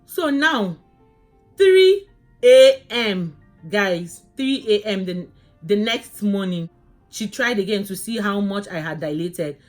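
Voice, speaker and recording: A woman vlogging her labor story in a casual, animated way, often calling viewers "guys" and restarting her sentences. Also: medium pitch, unhurried, faint music behind.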